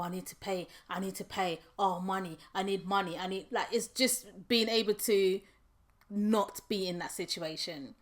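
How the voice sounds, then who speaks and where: A woman's voice: mid-range voice, fairly bright tone. A woman author reflecting on her own book in a candid, earnest personal monologue, loosely conversational and framed by her faith. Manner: conversational, with frequent restarts and "like".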